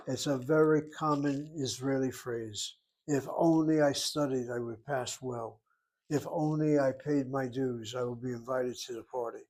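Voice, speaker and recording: An older man teaching a Hebrew class, patiently explaining and slowly spelling out words. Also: mid-range voice, fairly even intonation, a little mellow. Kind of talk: classroom lesson.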